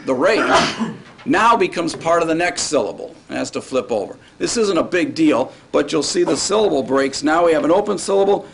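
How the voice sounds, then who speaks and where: A man gives a grammar lesson to students in a classroom. His voice sits a little high for a man, and his delivery is casual and conversational. He keeps checking that the class is following. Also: creaky, a little hiss or hum. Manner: casual, checks in often with "all right?" and "right?". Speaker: Hebrew grammar teacher. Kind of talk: classroom lecture.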